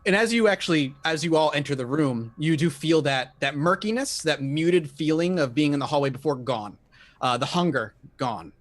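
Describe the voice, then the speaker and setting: A man's voice: fairly high pitch, expressive, moderate pace. A man narrating a tabletop horror game as game master, describing scenes in detail with frequent fillers.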